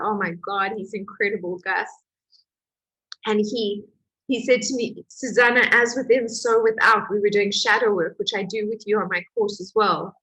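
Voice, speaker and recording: A woman who is a healing coach, telling her own story in an emotional, animated way with laughs. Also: medium pitch, husky, poor audio. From Portugal. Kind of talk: personal testimony to camera.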